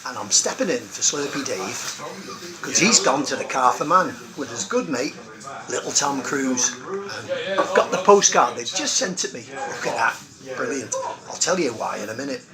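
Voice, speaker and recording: A man's voice: medium pitch, animated, moderate pace. A man hosting in character, rambling cheerfully through one-liner jokes in a busy pub. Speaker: comic host in character. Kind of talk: joke-telling pub comedy. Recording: loud pub crowd behind.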